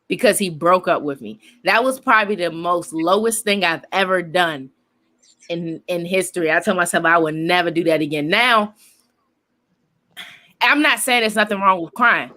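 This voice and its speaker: A young woman with a bright, forward voice tells a personal story to her friends. She is loose, slangy and animated, and laughs easily between lines. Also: on the low side. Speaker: co-host. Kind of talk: casual group chat, storytelling.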